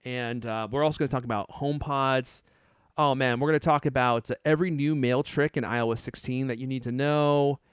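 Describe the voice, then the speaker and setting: A man hosting a podcast in casual chat, joking and animated, stumbling over fillers and restarts. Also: medium pitch, brisk, clear, resonant tone, no echo, studio quality. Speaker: podcast host.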